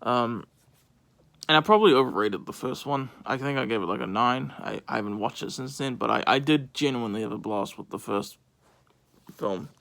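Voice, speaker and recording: A man's voice: mid-range voice, normal speed, vocal fry, fairly bright tone. A man giving casual movie thoughts in a vlog, rambling with lots of fillers and restarts. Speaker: movie reviewer.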